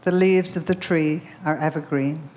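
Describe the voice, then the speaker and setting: A woman speaking at a Bible conference preaches a sermon, telling a story with emphatic repetition before she leads a prayer. Her voice is low-pitched and a little mellow, with fairly even intonation and a normal pace.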